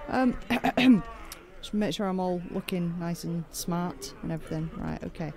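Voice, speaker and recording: A man's voice: high voice, fairly even intonation, measured pace, gravelly, a crowd in the background. A man giving casual, joking commentary while playing a video game, thinking aloud. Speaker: let's play gamer. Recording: game sounds and music behind.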